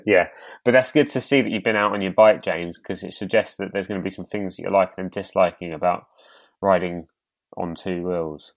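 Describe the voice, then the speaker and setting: A man's voice: deep voice, steady tone, a little fast. A man hosting a podcast in casual chat, teasing his co-host with dry banter.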